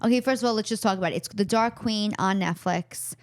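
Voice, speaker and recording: A woman's voice: medium pitch, quick pace, no room sound, clean studio sound. A woman with a Bronx New York accent hosting a casual chat and talking enthusiastically. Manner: enthusiastic, gushing. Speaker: podcast host.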